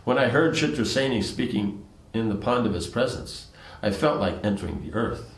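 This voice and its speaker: A man reading the lines of a grieving, humiliated male prince, in a plain low reading voice. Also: expressive, moderate pace. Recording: roomy echo.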